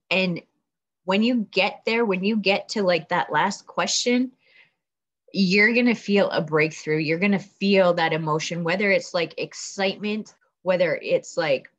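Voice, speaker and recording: A woman's voice: fairly low pitch, a bit bright. A woman giving a motivational coaching talk on a video call, earnest and rambling with many fillers. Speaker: team leader coaching on a business call. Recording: dull lo-fi call audio.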